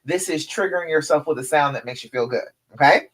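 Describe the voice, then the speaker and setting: A woman's voice: sits low, fast talker. A woman relationship coach on a live stream, leading listeners through counted breathing and talking them through journaling in an encouraging, direct way. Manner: addresses listeners directly as ladies and girl.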